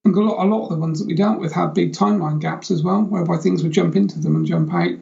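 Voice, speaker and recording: A man, a guest being interviewed, giving measured, explanatory answers with hedging phrases. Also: on the high side, fairly even intonation, gravelly, darkish tone. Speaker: guest, psychic surgeon. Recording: dull lo-fi remote audio.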